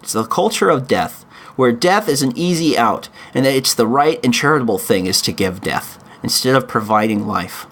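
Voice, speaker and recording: A man hosting his own podcast, delivering an emotional, pleading opinion monologue with frequent halting restarts. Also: mid-range voice, lively intonation, a bit bright. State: in chronic pain. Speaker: podcast host.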